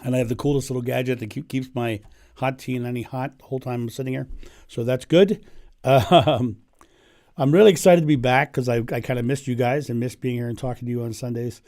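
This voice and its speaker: A hoarse man hosting a casual livestream from home, his voice gravelly from laryngitis. His tone is dark and mellow. He talks in a chatty, relaxed way and laughs often. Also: medium pitch, brisk. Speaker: livestream host. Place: home in Ohio. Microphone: microphone turned up.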